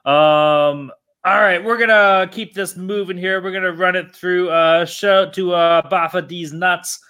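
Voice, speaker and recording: His voice sits high, steady, sharp and clean, and he takes his time. This young podcast host talks sports betting in a casual, loose way, trading profane jokes and banter.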